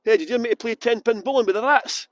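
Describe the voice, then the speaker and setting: A man's voice: very high-pitched, racing, no room sound. A middle-aged Scottish man giving a live walking tour on city streets, joking cheekily and greeting viewers, speaking into a phone on a gimbal. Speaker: tour guide. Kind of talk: livestreamed walking tour chat.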